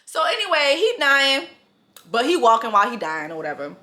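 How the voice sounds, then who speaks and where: A woman recapping a TV episode in a casual comedic rant, profane and animated, acting out the characters and laughing often. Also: fairly high pitch, a little fast.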